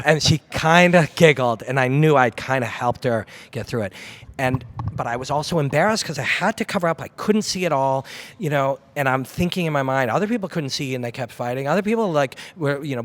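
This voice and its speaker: Intense, reflective man telling a fight story. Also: mid-range voice. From Canada. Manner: intense, reflective, swears freely. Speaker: MMA commentator and former fighter, interview guest. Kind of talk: candid interview storytelling.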